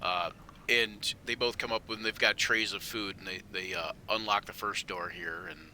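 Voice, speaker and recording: A man's voice: on the low side, moderate pace, gravelly, sharp tone, a little hiss or hum. A man narrating as game master, stammering and repeating words as he goes.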